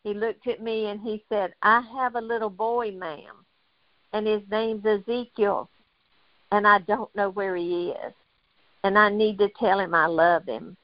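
A woman's voice: mid-range voice, steady tone, unhurried, no echo, muffled recording. An older woman from North Carolina tells an emotional faith story as a guest on a talk show. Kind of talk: testimony in a faith talk interview.

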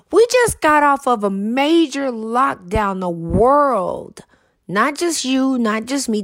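A woman with a fairly high voice, recorded dry, tells a story and hands out blunt, profane advice in casual conversation. She sounds a little congested and breathes through her mouth.

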